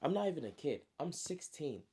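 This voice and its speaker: A man's voice: on the high side, big pitch swings, fairly quick, mellow, slight background noise, pitched above the performer's own voice. A man voicing a brash, teasing sixteen-year-old boy knight in a storytime retelling. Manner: teasing, chatty, cocky. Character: brash teenage boy knight with gold hair.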